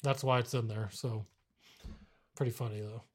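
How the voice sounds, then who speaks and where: A man's voice: medium pitch, steady tone, normal speed. A man co-hosting a casual gaming podcast on a live stream, talking loosely and laughing often. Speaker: podcast co-host.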